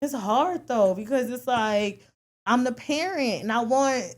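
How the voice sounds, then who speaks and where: A middle-aged woman co-hosting a talk podcast, telling parenting stories in a frank, animated way with casual swearing. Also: a little high, unhurried. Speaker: podcast co-host. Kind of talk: casual round-table chat.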